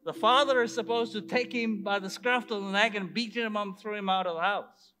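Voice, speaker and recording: Man, preacher, sermon, high voice, emphatic, rhetorical asides. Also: fairly even intonation, brisk, pushed and bright.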